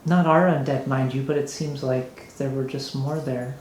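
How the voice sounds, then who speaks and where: A man's voice: medium pitch, steady tone, moderate pace, darkish tone, slight background noise, lightly acted. Man voicing a flamboyant nobleman mayor, giddy, ingratiating, tabletop game, echoey room.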